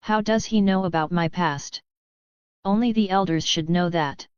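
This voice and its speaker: Woman voicing a cold calculating ninja man, flat, low smooth voice, slightly dull audio. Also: normal speed, no room sound, natural voice.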